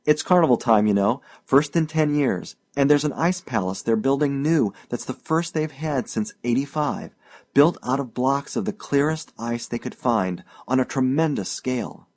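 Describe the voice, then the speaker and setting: An eager, boastful young man pushes his words out loudly and emphatically, as a male narrator reads him. He sounds keen to impress in this storybook scene. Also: medium pitch, expressive, moderate pace, close to an everyday voice.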